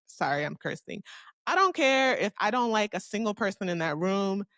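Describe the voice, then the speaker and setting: A young woman from Miami tells a story on her solo podcast, candid and chatty, with a voice of middle pitch. She curses freely and argues with herself out loud. The sound is dry and close, with no room around it. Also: animated, normal speed, dry recording. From Miami, Florida. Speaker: podcast host.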